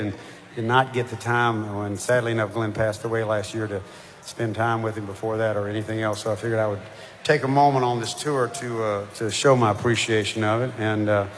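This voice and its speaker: An older man, a touring singer chatting between songs in a halting, rambling way with lots of fillers. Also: lowish voice, little pitch movement, slight background noise. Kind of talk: onstage banter between songs. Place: concert stage. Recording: live hall reverb with band music.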